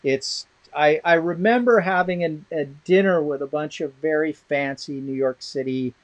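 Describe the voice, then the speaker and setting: A middle-aged guest expert on the law of armed conflict talks at a moderate pace in a voice on the high side during a casual interview. He's blunt and sardonic, telling rambling anecdotes full of restarts.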